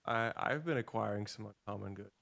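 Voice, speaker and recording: A man co-hosting a livestream in easygoing, playful chat who often trails off softly. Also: fairly low pitch, a little fast, gravelly. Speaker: co-host.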